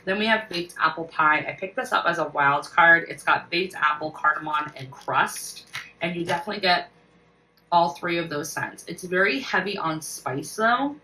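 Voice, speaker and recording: A woman's voice: lowish voice, expressive, normal speed, bright, forceful tone, distant mic, slight background noise, rough recording. A woman casually reviewing her collection for a vlog, gushing with enthusiasm. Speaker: wax collection vlogger.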